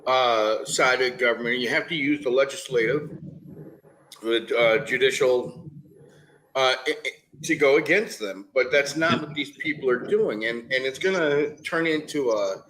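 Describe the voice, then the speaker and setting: A man's voice: medium pitch, a little slow, a bit bright, a little hiss or hum, low-quality recording. A man, talking in a casual chat, ranting and often stopping to restart his sentences. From New York, the Bronx.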